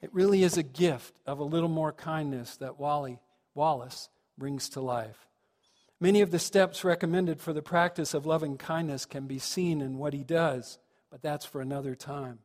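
A man's voice: on the high side, moderate pace, a little mellow. A man, a minister, giving a sermon with reflective storytelling that rises to earnest emphasis. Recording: long reverb of a large hall.

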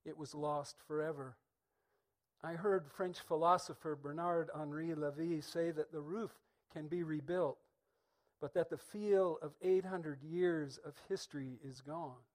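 A man's voice: fairly high pitch, fairly even intonation. Reflective middle-aged man preaching a sermon. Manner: thoughtful, measured, with pauses.

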